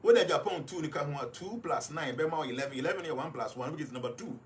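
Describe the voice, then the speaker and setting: Ghanaian guy on the radio going through his points one by one, kinda high voice, bit of hiss behind. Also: fast. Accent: Ghanaian English. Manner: explains points one by one, mixing English with Twi. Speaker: radio guest reading numerology. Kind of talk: live radio talk.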